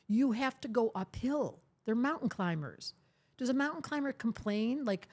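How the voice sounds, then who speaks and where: Guesting on a podcast, an older astrologer speaks in a fairly high, expressive, slightly mellow voice at a moderate pace. She's emphatic and teasing, frequently performing the voices she quotes.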